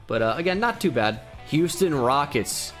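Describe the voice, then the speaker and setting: A man's voice: on the high side, normal speed. A young man giving casual, opinionated commentary on a video, with lots of fillers. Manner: relaxed, opinionated, many fillers. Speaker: gaming YouTuber. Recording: faint music behind.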